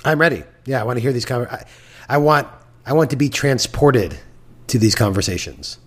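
A man's voice: medium pitch, lively intonation, fairly quick. A man co-hosting a podcast, bantering dryly with his partner. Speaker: podcast co-host.

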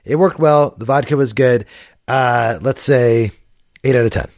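A man's voice: mid-range voice, unhurried, darkish tone, no echo. Male podcast co-host, laid-back and hesitant, dry close sound. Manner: easygoing, hesitant, filler-heavy. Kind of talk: casual chat. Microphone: remote call.

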